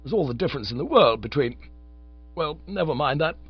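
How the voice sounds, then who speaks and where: A man reading an audiobook, voicing a flustered, excitable young gentleman who talks in an agitated rush, higher and louder than the narration. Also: fairly quick, husky, dry recording, highs cut off, faint music behind. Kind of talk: audiobook character voice.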